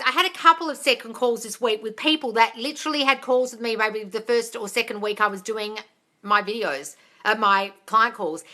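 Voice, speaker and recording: Brief: woman, live-stream coach, bright higher voice, blunt, swears freely. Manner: blunt and swears freely, calls viewers darling. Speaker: manifesting coach answering live chat questions. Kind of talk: casual live-stream chat. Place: home, dog barking nearby. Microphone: phone livestream.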